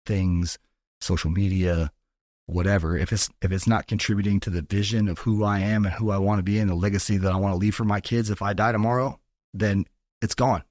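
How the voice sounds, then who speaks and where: A man's voice: fairly low pitch, fairly even intonation, brisk, a little mellow, no room sound, clean studio sound. A man from Texas, a podcast guest talking in an earnest, motivational way and swearing freely. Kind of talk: casual podcast talk.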